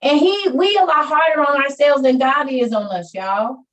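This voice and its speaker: Woman host, casual faith talk, video call, high-ish voice, distant from mic. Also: normal speed, dull audio. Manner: chatty, addresses listeners as y'all, preachy about faith. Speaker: online meeting host. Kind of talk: casual chat and encouragement to listeners.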